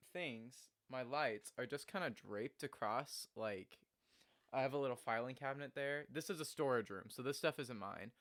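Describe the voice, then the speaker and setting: A man's voice: mid-range voice, no room sound. Guy with a cough streaming from a storage room, laid back, laughs a lot, dry close sound. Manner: relaxed, chatty, laughs often. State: sick with a cough. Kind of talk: casual chat with viewers.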